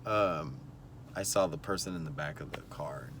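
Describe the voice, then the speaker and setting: A man's voice: very deep voice, normal speed, noisy background. A man with a Californian accent vlogging casually from a car, rambling emotionally with lots of fillers. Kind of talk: casual vlog commentary. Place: in a car at evening.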